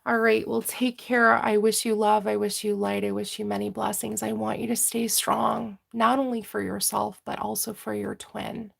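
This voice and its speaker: A woman's voice: medium pitch, vocal fry, husky. A woman tarot reader giving a livestreamed reading, speaking intimately and earnestly to her audience as a collective.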